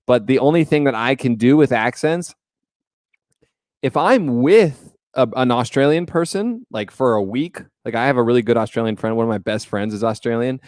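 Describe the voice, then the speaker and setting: A man's voice: mid-range voice, moderate pace, darkish tone, no echo, clean studio sound. A man hosting a casual livestream, chatty and joking as he greets viewers by name. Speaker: livestream host.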